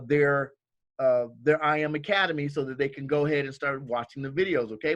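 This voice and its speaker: A man's voice: a little high, fairly bright tone, no room sound. A man training new team members in a casual, coaching way. He often checks in with "okay?" and acts out quoted lines in livelier voices. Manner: coaching, repeats "okay?" and "all right?" often.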